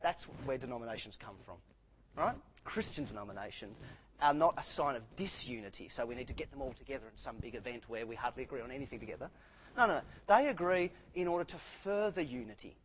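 A man's voice: mid-range voice, lively intonation, fast, a little hiss or hum, rough recording. A man preaching a sermon in a church, earnest and emphatic, often repeating words to stress a point.

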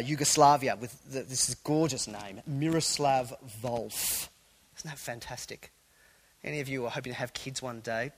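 A man preaching a sermon to a congregation in a church, animated and conversational, with playful asides. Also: mid-range voice, poor audio. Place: church hall before a congregation.

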